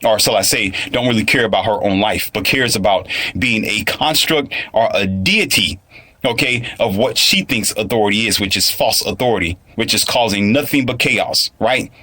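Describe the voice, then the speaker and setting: A man's voice: lowish voice, moderate pace, sharp tone. A man giving a casual commentary monologue, rambling, repetitive and emphatic. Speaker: online commentator.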